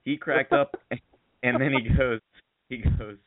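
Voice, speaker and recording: A man's voice: mid-range voice, slow, dry recording. A man hosting a comedy talk show, telling a story in casual chat and laughing as he goes. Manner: laughing storyteller, swears, lively delivery. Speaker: radio show host. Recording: dry phone-like audio.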